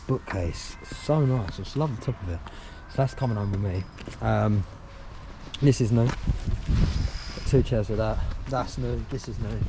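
A man's voice: fairly low pitch, background noise. A man with an Essex accent who runs a second-hand shop, chatting casually and slangily in a vlog, easily impressed. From Essex, England.

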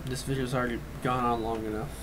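A man's voice: medium pitch, flat delivery, fast, background noise. A teenage boy talking straight to camera in a confessional vlog, rambling and earnest, often restarting his sentences and holding back emotion. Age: teens. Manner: emotional, fighting back tears at times. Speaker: vlogger.

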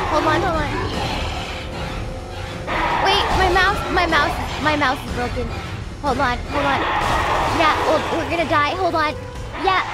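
A woman streaming a horror game, panicking aloud with yelps, quick repeats and nervous laughter. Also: very high-pitched. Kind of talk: live horror gameplay commentary. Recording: loud game music and effects behind the voice.

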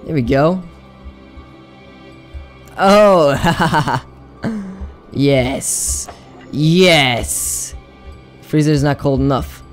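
Slow-talking young man gamer. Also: a little high, soft background music. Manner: chatty, rambling, giggly. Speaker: gaming YouTuber. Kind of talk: let's play commentary.

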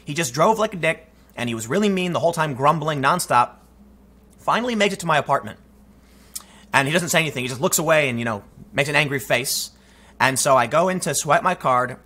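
Male commentator, emphatic, husky, sharp-edged tone, fairly high voice. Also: fairly quick. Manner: emphatic, conversational, frequent restarts. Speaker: political commentator. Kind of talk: opinion commentary, storytelling.

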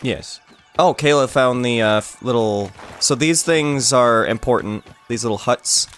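A man giving excited, rambling commentary while playing a survival game with friends. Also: medium pitch, a little slow, faint music behind. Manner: rambling, jumpy, shrieks and laughs when attacked. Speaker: gaming channel host.

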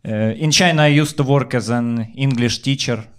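Ukrainian guy doing standup in english, deadpan and blunt, swears a lot, mid pitch. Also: moderate pace, clear, resonant tone. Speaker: stand-up comedian. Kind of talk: stand-up comedy set.

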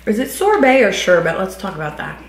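A woman's voice: mid-range voice, sing-song, fairly quick. A woman co-hosting a casual hot sauce tasting, chatty and giggly, filling her talk with "like". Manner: chatty, giggly, says "like" a lot. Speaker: co-host. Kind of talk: casual chat while eating. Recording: roomy home recording, faint noise.

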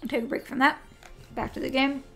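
A woman's voice: sits high, level tone, brisk, creaky, a bit bright, faint music behind. A young woman chatting to herself as she plays a video game on a live stream. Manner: chatty, talks to herself while playing. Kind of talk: live-stream gameplay commentary.

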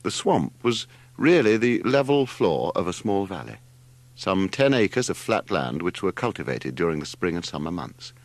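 An older man reading a novel aloud as audiobook narrator, in an expressive storytelling manner. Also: moderate pace, no echo. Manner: expressive storytelling, wide swings in pitch. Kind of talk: scripted narration.

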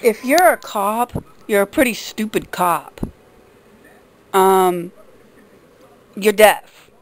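A woman's voice: mid-range voice, expressive, takes it slowly, slight background noise, rough recording. A woman vlogger delivering a casual, indignant and sarcastic rant to the camera.

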